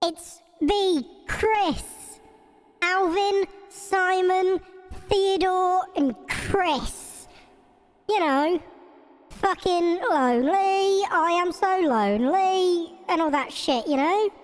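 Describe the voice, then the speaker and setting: Chris, a lonely squeaky chipmunk, as a Scouse woman puts him on. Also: extremely slow, exaggerated voice. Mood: silly. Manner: squeaky, rambling, sweary. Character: lonely, forgetful fourth chipmunk, male, tiny. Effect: chipmunk auto-tune. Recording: long reverb effect on voice.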